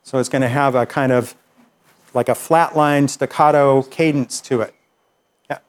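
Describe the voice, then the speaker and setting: A man teaching a workshop group, explaining in a relaxed, conversational way with fillers and restarts. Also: medium pitch, moderate pace. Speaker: workshop instructor.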